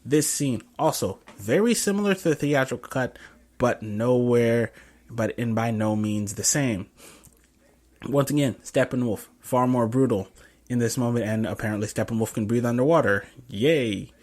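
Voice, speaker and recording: A man's voice: mid-range voice, normal speed, a little mellow. A young man casually reviewing a film scene by scene, rambling with lots of fillers and self-corrections. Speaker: podcast host reviewing a film.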